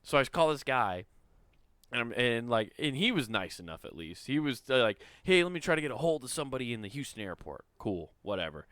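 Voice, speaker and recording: Bright, clear-voiced man telling a rambling story. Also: mid-range voice, sing-song, brisk, no echo. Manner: rambling storyteller, heavy swearing and fillers. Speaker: podcast host. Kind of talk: casual podcast chat.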